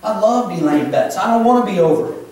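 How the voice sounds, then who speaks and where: A man preaching an emotional sermon, swinging between loud pleas and hushed confessions, in a church sanctuary. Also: high-pitched, animated, quick pace. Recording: echoey church from a distant mic.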